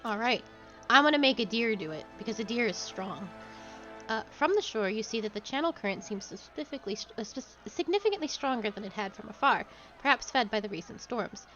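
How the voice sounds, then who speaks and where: A young woman streaming a role-playing game, reading each passage aloud in a casual, slightly giggly way. Her voice is fairly high, and quiet music plays behind her. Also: lively intonation, a little fast, muffled recording. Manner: reads game text aloud, giggly asides. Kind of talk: casual gameplay narration.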